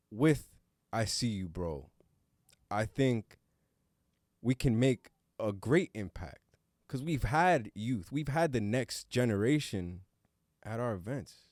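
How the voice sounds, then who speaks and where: A man, adult and father to a young son, co-hosts a casual podcast roundtable, speaking slowly in an expressive mid-range voice with a darkish tone. He's earnest and reflective, swearing casually at times. The sound is clean studio audio with no room sound.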